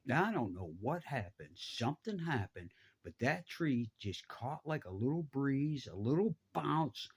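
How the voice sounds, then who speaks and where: A middle-aged man, telling a profane, animated story and jumping his voice around to act out the people in it. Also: a little slow, husky. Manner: animated, profane, acts out voices with big pitch jumps. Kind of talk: casual storytelling.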